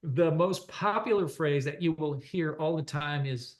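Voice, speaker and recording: A man's voice: a little high, unhurried. Chatty French-native man from Quebec. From Quebec, Canada. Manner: rambling, chatty, many fillers and restarts. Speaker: country singer-songwriter guest. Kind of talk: casual interview chat.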